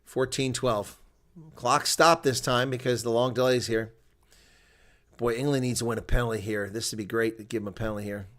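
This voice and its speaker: A man commenting on a rugby match live by himself, mixing play-by-play with casual color talk. His voice sits at an ordinary middle pitch, and he swings between loud excited outbursts and quiet muttered remarks. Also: moderate pace. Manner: chatty, excitable, jumps to loud outbursts then mutters asides.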